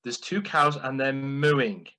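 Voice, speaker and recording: A man's voice: medium pitch, slow pace, sharp tone. A man imitating his flustered mother, who keeps muddling the details of a joke. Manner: confused, restarting.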